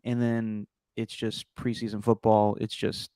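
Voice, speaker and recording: A man's voice: on the low side, completely flat delivery, a little slow, dark tone, clear, resonant tone, no echo, studio quality. A man co-hosting a sports podcast, chatting casually and rambling with many restarts. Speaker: podcast co-host.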